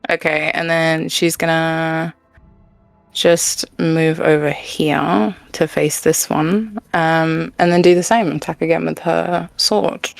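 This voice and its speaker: A woman's voice: deep voice, fairly even intonation, takes it slowly, vocal fry, no room sound, faint music behind. A woman player in a tabletop game, hesitant and full of fillers. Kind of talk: playing a tabletop role-playing game.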